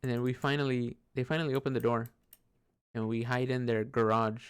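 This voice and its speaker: A man's voice: mid-range voice, little pitch movement, brisk, smooth. A man telling a personal story in a rambling, casual way, swearing often and restarting sentences while he plays a computer game. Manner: rambling, profane, many fillers and restarts.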